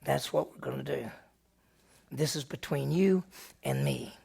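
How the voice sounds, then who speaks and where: A man's voice: mid-range voice, measured pace, gravelly, darkish tone, breathy edge. A male pastor teaching a Bible lesson, retelling the story with energy and firing off rhetorical questions.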